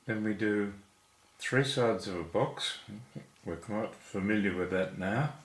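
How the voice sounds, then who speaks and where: A man's voice: lowish voice, slow pace. A man teaching how to write Chinese characters, counting each stroke aloud in a patient, step-by-step way. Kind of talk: slow stroke-by-stroke instruction. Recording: echoey room.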